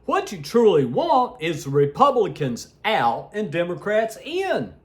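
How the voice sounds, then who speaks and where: A man from the United States rants to his vlog audience, blunt, crude and quick to laugh at his own insults. He talks slowly, his voice leaping high on the outbursts and sinking low on the asides, a little higher pitched than most men. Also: wildly swooping pitch. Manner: heated, swinging between shouts and low asides. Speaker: political vlogger. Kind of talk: ranting opinion vlog.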